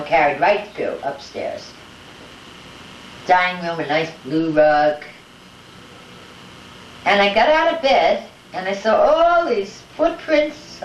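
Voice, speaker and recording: An older woman being interviewed at home, telling lively family anecdotes and acting out the voices of her family. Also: medium pitch. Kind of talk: casual storytelling at home. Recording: echoey room, distant mic, dull home-video sound with faint hiss.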